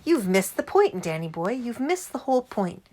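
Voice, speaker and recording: A woman voicing a cheerful middle-aged father who loves telling tales, lively and relishing every word. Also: fairly high pitch, moderate pace, pitched above the performer's own voice. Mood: storytelling.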